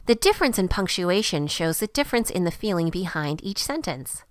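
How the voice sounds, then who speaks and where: A woman reading a scripted grammar lesson with a clear, even teaching delivery. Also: lowish voice, a little fast. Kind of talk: scripted narration.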